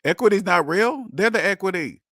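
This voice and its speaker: A man hosting a casual monologue, animated and laughing, acting out mock voices and firing rhetorical questions. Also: high voice, fairly quick, no echo, clean studio sound. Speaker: host.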